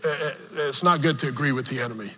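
A man preaching a sermon, telling a personal story slowly with emotional swings, from the pulpit of a church. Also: mid-range voice, bright, forceful tone. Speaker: pastor. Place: church sanctuary. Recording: long reverb of a large hall.

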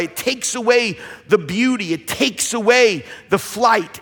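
A man preaching a sermon in a church, repeating phrases and building to shouted emphasis. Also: very high-pitched, big-room sound. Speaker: pastor. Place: church sanctuary.

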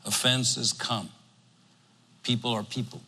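A man preaching a sermon in a church, animated and emphatic, acting out what his listeners might say. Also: medium pitch, slow. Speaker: pastor. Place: church sanctuary. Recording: long reverb of a church hall.

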